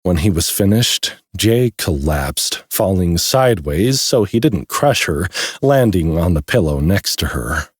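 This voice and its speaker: A man giving an expressive scripted audiobook narration. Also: low voice, a little slow, slightly rough, no echo, studio quality.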